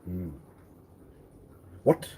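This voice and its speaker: A man talking slowly and unhurriedly on a solo live stream, looping back over the same phrases and spelling words out. He jumps now and then into loud bursts before sinking back to a low mutter, with a faint hum of room ambience behind him. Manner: repetitive, circling wordplay with sudden loud outbursts. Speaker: livestreamer.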